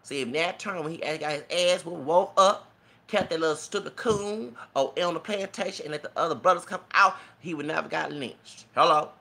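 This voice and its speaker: A man's voice: fairly high pitch, brisk, creaky, pushed and bright. A man giving an emotional, preachy, rambling rant as a vlogger. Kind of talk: impassioned rant to camera.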